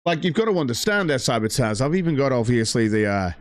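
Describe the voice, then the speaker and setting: A man's voice: medium pitch, very animated, fast, no room sound, studio quality. A man hosting a livestream, ranting heatedly and profanely about a rival streamer and reading out viewer donations. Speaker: stream host.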